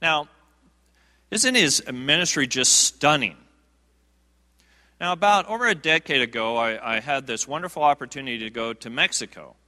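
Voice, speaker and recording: A man's voice: medium pitch, lively intonation, normal speed, pushed and bright. A man preaching a sermon, telling a humorous, self-deprecating story with frequent fillers and restarts. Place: church sanctuary. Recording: long reverb of a large sanctuary.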